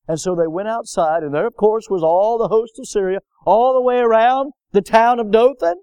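High, smooth-voiced pastor, preaching with emphasis, dry sound. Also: male voice, normal speed, hardly any pauses, darkish tone, dry recording. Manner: emphatic, with call-and-response questions to the congregation. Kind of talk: sermon.

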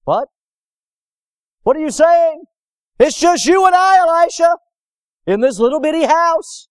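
A man's voice: very high-pitched, animated, unhurried, dry recording, clean studio sound, pitched above the performer's own voice. A man voicing a panicked male servant in a retold Bible story, crying out in alarm. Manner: alarmed, pleading exclamations.

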